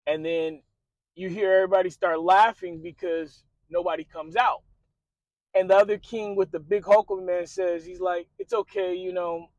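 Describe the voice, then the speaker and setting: A man's voice: sits high, dry recording, poor audio. A man hosting a motivational video, animatedly retelling a film scene with lots of fillers and acted-out quotes. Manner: animated storyteller, acts out quotes, many fillers.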